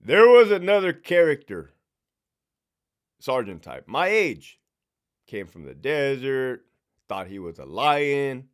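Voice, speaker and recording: Profane, animated male storyteller. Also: medium pitch, takes it slowly, pauses often. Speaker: former prison sergeant telling stories. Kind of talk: casual storytelling monologue.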